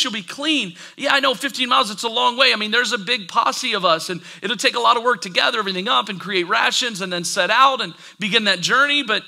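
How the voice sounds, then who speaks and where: A man's voice: very high-pitched, vocal fry, sharp tone, voice pushed up, exaggerated voice. A man voicing loyal attendants who coax and urge their master on. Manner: coaxing, then fired up.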